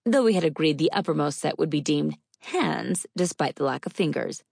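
A woman narrating a first-person novel in a measured, wry storytelling manner. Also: deep voice, lively intonation, vocal fry, a little mellow, slightly rough, dry recording, clean studio sound. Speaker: audiobook narrator.

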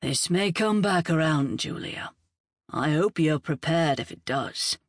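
Calm protective man, read by a woman; measured and serious, dry close sound. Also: low-pitched, no room sound.

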